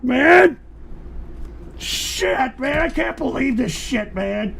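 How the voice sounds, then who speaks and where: A man hosting a live-stream radio show, ranting angrily at his chat and cursing and yelling at his audience. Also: very high-pitched, lively intonation, very slow, vocal fry, long pauses, husky.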